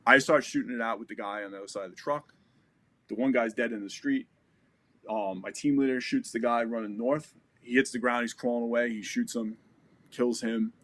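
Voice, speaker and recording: This American man in his forties, a podcast guest, speaks fairly quickly in a steady, medium-pitched, fairly bright voice. He tells a war story in a casual, profane, vivid style, re-enacting the dialogue.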